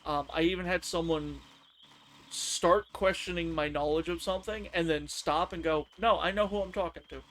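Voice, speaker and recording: A man streaming a game, telling work stories in a casual, animated way and acting out his coworkers' lines. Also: a little high, normal speed. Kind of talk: casual storytelling on a live stream.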